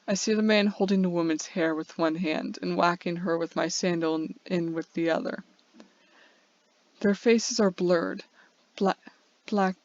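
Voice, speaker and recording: A woman's voice: mid-range voice, dry recording. Woman narrator, earnest first-person story read, slight slips, dry and dull lo-fi sound. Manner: earnest, with small slips and restarts. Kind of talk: first-person fiction reading. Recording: dull, dry lo-fi home recording.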